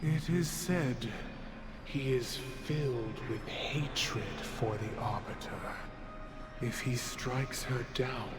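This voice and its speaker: A man's voice: medium pitch, lightly acted. An actor playing a solemn otherworldly male herald who tells of doom in grave game narration. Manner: grave, slow, proclaiming. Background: loud game music.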